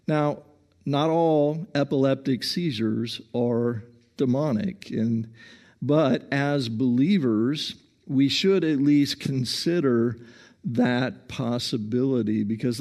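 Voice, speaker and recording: A male pastor preaching a sermon in a calm, earnest way, often saying "listen" and repeating himself with small restarts. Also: medium pitch. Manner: frequent small restarts and stammers.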